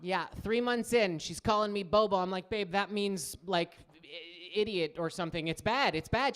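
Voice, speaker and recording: A man in his thirties doing a stand-up comedy set on a club stage, telling animated stories and acting out the people in them. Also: normal speed, few pauses, clear, resonant tone. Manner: animated storytelling, acts out quotes in higher voices.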